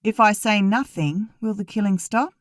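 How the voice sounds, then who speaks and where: A woman's voice: medium pitch, normal speed, no echo, studio quality, pitched above the performer's own voice, close to an everyday voice. A woman reading an audiobook, voicing a blunt, sassy young woman who fires pointed questions. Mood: pressing.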